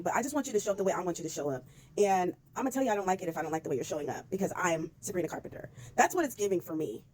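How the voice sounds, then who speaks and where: A woman ranting bluntly on camera, swearing freely and talking in an animated, exasperated way. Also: a little high. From United States. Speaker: vlogger. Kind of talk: casual commentary rant.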